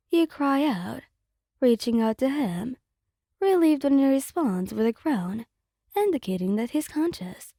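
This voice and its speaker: Mellow woman reading a story aloud. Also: fairly high pitch, lively intonation, measured pace, no echo, studio quality.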